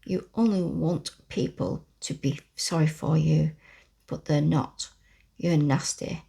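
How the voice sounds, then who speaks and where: A woman voicing a sharp-tongued young girl in a whispered role-play, snapping and scolding in a low, husky whisper. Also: fairly even intonation, slow, heavily acted.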